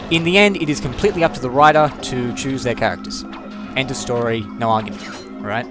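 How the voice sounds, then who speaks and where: A young man doing let's-play commentary, rambling and opinionated, swearing freely and restarting his sentences often. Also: medium pitch. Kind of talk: gameplay commentary rant. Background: game music.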